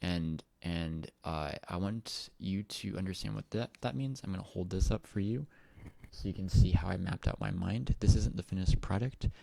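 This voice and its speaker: A man talking to his viewers in a rambling, excitable personal monologue, full of restarts and swearing. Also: low-pitched, moderate pace, vocal fry. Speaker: vlogger.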